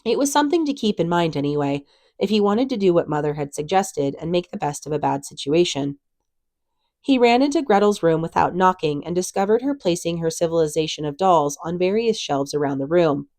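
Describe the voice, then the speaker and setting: Low-voiced woman reading a novel out loud, calm and even, super dry sound. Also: a little fast, no room sound. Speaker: reader.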